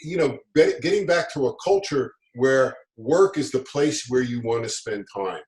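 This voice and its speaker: A middle-aged man speaks at an ordinary pitch, upbeat and motivational, often restarting his sentences as he tells stories in a casual interview. His voice rings with a noticeable room echo. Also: lively intonation, normal speed, darkish tone. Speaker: guest, business author. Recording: roomy echo.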